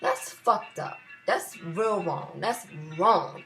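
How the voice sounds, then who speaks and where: Young woman, New York area accent, mid-pitched, fiery profane vlog rant, faint music underneath. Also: lively intonation, slow, bright, forceful tone. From US tri-state area. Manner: profane, emphatic, repeats phrases for emphasis. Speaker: vlogger. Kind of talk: heated ranting monologue.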